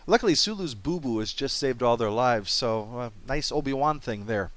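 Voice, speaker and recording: A man's voice: medium pitch, moderate pace, fairly bright tone, dry recording. Sarcastic wisecracking male game reviewer. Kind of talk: comedic review narration.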